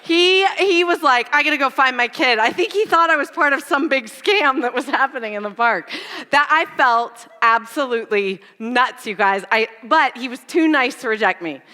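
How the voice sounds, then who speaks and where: A woman speaker at a church, telling funny stories from her own life in an animated, self-deprecating way during a sermon. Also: high voice, normal speed, big-room sound. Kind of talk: storytelling sermon.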